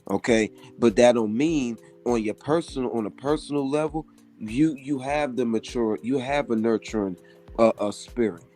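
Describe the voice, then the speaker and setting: A man's voice: mid-range voice, normal speed, dark tone. Man, stream guest, preachy and emphatic, salty language, faint music behind. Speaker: livestream guest. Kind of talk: casual chat.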